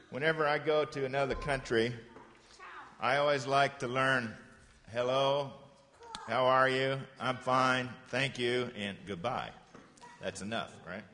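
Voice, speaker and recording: A man teaches a group of children with a patient, encouraging voice at an ordinary middle pitch. He slowly repeats short phrases so they can echo them. The sound carries a long reverb from the room. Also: a bit bright. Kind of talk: classroom lesson for children.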